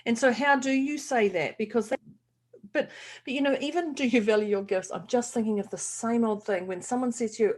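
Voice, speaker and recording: A woman co-hosting a casual podcast chat, animated and acting out the voices in her stories. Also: mid-range voice, brisk, husky. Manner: animated storyteller, acts out quoted voices. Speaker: podcast co-host.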